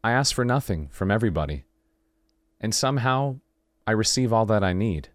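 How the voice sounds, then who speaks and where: Here a podcast host with a lowish voice speaks at an ordinary pace, captured in clean studio sound without room echo. His thoughtful late-night monologue is animated, with the dialogue performed rather than simply retold.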